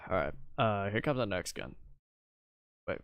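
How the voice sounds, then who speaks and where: A man talking casually on a live stream, halting often with fillers and restarts. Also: low voice, animated, a bit bright, clean tone, no room sound. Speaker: live streamer ranking games. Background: background music.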